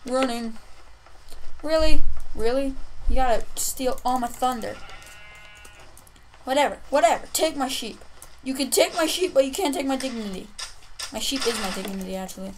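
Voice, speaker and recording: A young woman commenting on her own gameplay, playfully trash-talking other players and shouting in bursts. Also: sits high, expressive, moderate pace, long pauses, slight background noise, low-quality recording. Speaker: gaming youtuber.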